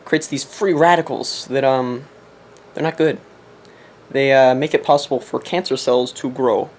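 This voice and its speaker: A man's voice: medium pitch, steady tone, unhurried. Young man in a silly put-on accent. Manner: jokey, mock-preachy, laughs at himself. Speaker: competitive game player vlogging. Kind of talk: casual comedic monologue. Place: his apartment, indoors.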